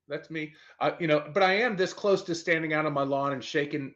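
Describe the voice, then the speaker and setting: A man's voice: fairly high pitch, a little fast, fairly bright tone. A man co-hosting a casual chat show with viewers, joking about himself with lots of stammered restarts. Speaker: co-host of a slots show. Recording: slightly dull lo-fi sound.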